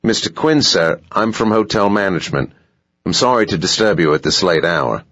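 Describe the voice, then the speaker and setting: A man voicing an impatient, smooth-talking hotel manager with a South African accent, from an audiobook. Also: deep voice, expressive, moderate pace, a bit bright, no echo, highs cut off, pitched above the performer's own voice. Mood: insistent.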